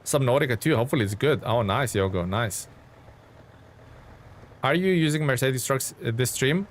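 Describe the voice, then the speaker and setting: A man's voice: medium pitch, animated, moderate pace, a little hiss or hum. A man streaming a game live, chatting casually with viewers and rambling through his thoughts with frequent restarts. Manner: rambling, restarts often, answers chat by name.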